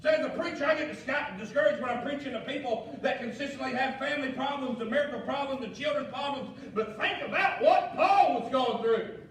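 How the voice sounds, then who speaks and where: A male pastor, preaching a fiery sermon with shouted emphasis and folksy asides. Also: very high voice, brisk, hardly any pauses. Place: church sanctuary. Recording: echoey church hall, mic far off, faint noise.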